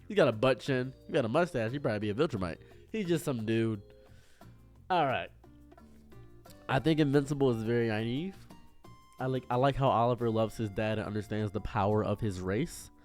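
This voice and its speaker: A man streamer giving excitable, rambling casual commentary on a show he loves. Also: mid-range voice, fairly quick, faint music behind.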